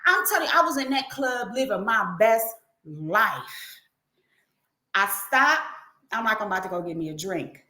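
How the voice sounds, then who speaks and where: A middle-aged woman hosting a livestream tells a story in a casual way, animated and profane, acting out the quotes as she goes. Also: on the high side, roomy sound. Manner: animated, profane, acts out quotes in her telling. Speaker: livestream host.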